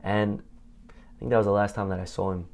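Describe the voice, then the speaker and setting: A man's voice: lowish voice, level tone, fairly quick, creaky, a little mellow. A man speaking as a rabbi, telling a heartfelt story in a conversational sermon, with many "you know" fillers.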